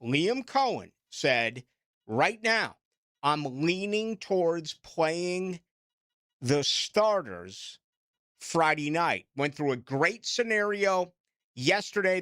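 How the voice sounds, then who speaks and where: Man, Boston accent, sports talk radio host, rambling and self-mocking, somewhat high voice, pitch jumping all over. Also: animated, slow, bright, forceful tone, no echo, studio quality.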